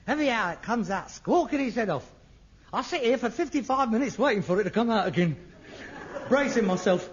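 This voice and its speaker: An actor playing a touchy, irritable grown son who snaps into rants, in a dull, lo-fi old radio sitcom recording. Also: male voice, very high voice, lively intonation, a little fast, husky, full character voice. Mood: defensive. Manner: irritable, snapping, flares into rants. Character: frustrated middle-aged London son, irritable and touchy. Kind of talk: 1960s radio sitcom acting.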